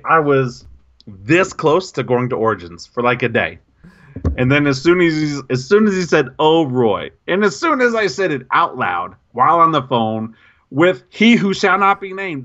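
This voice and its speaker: A man co-hosting a podcast, telling an embarrassing story in casual, animated, self-mocking chat. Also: a little high, moderate pace, muffled recording. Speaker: podcast co-host.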